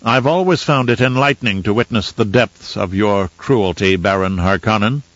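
A man's voice: lowish voice, a bit bright, no room sound, natural voice. A man doing a cool, calculating envoy. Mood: firm. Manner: firm and measured. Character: cool, calculating male envoy, firm and unyielding. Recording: dull, dry close recording.

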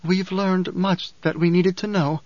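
A man's voice: sits high, slow, no room sound, pitched above the performer's own voice. A man voicing a young girl possessed by her dead mother, pleading and strained. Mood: urgent. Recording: dull, dry recording.

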